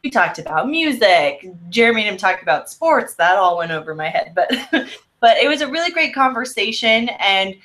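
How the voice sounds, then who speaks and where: A woman's voice: medium pitch, big pitch swings, normal speed, a bit bright. Bubbly giggly woman co-host. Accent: slight American Southern drawl. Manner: bubbly, laughs often, chatty with fillers. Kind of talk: casual chat.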